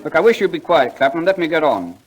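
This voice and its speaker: A man's voice: on the high side, sing-song, quick pace, low-quality recording. An actor playing a pompous man who recites poetry in grand tones and snaps at interruptions, in 1940s radio comedy style. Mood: exasperated. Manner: declaims grandly, snaps in irritation.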